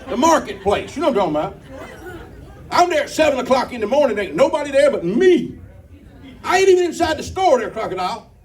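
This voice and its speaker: A man's voice: very high-pitched, very animated, brisk. Folksy man doing stand-up comedy. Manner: folksy storytelling, crowd banter. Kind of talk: stand-up comedy with sung bits. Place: comedy club stage. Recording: distant mic, live crowd and guitar. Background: audience laughter and guitar.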